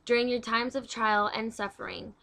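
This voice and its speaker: Bright-voiced young woman reading devotions. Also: on the high side, fairly even intonation, normal speed. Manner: chatty, stumbling over words while reading aloud. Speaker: devotional video host.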